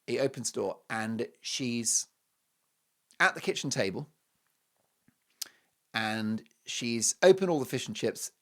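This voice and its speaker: A man with an English accent, hosting a commentary show and telling a story with playful asides. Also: lowish voice. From England. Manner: animated and playful, with mocking asides and quoted voices. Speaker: show host.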